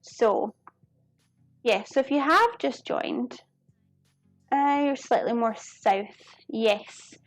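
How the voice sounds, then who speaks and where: A woman's voice: a little high, dry recording, faint music behind. A young woman with a Glasgow Scottish accent chatting casually to viewers while she cooks on a live stream, friendly and often apologetic. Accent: Glaswegian Scottish. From Scotland. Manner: chatty, apologetic, quick to laugh.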